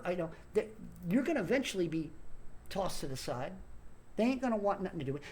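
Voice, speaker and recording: A man's voice: high-pitched, slight background noise. A man in an angry, swearing political rant who keeps stumbling over and repeating words. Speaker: online commentator.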